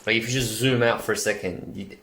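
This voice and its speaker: Fast-talking low-voiced male host. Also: fairly even intonation, a bit bright. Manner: brief reactions, casual and blunt. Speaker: podcast host. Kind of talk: casual interview chat.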